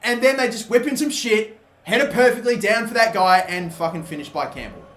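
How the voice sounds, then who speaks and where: A young man giving live commentary over a football video game, swearing freely and shouting at big moments. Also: high voice, lively intonation, fairly quick, echoey room. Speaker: gaming commentator.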